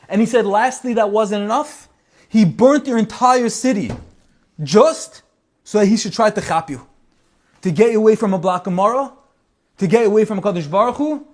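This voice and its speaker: Guy doing an old rabbi getting all fired up, fairly high voice, loud and intense. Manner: rising, impassioned preaching. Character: elderly male rabbi, fiery and solemn.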